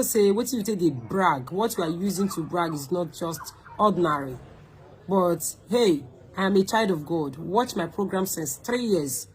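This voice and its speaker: Woman, Nigerian accent, husky, scolding direct-to-camera rant, repetitive, pidgin mixed in. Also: on the low side, rough recording. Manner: scolding, confrontational, repeats phrases; mixes pidgin into English. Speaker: online show host.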